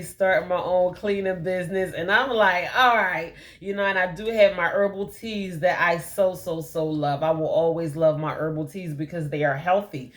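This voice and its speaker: A woman with a lowish voice tells her own story as a personal testimony. She talks candidly and loosely, filling gaps with "you know" and "like", and laughs easily as she goes. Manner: candid, rambling, many fillers; laughs often while telling her story. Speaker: motivational speaker.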